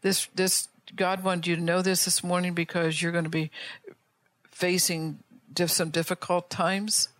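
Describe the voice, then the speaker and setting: A woman's voice: fairly low pitch, level tone, a little slow, no echo. An older woman preaching a fervent sermon, firing off rhetorical questions and often restarting or repeating her words as she builds to an altar call.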